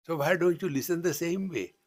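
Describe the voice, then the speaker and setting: A man's voice: fairly high pitch, a little fast. A man with an Indian English accent giving a live spiritual discourse at a retreat, teasing and chanting as he teaches. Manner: playful, teasing asides and chanting. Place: retreat hall.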